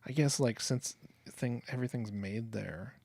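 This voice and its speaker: A man's voice: medium pitch, moderate pace, vocal fry, a little mellow. A man co-hosting a casual podcast chat, teasing his co-host with jokey banter. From Northern California.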